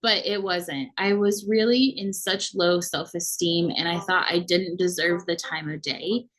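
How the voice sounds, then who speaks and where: A woman's voice: fairly low pitch, steady tone, unhurried, low-quality recording. A woman in her thirties sharing a heartfelt personal faith testimony, earnest and emotional. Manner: earnest and emotional, with soft laughs. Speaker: faith vlogger.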